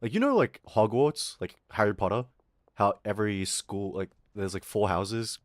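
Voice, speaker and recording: A man's voice: fairly low pitch, expressive, normal speed, no echo, clean studio sound. A young man streaming, telling a school story in a rambling, profane way and acting out the people he quotes. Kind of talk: casual storytelling rant.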